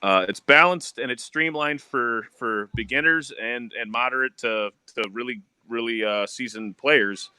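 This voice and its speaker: A man's voice: mid-range voice, unhurried, hardly any pauses, sharp tone, smooth, no echo. A man co-hosting a casual stream chat, loose and laughing, swearing casually. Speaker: co-host.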